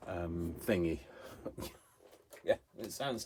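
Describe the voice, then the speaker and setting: In this clip the craft vlogger speaks low and unhurried over a noisy background. Working in his home craft room, he rambles along, mocking himself and muttering to himself as he crafts.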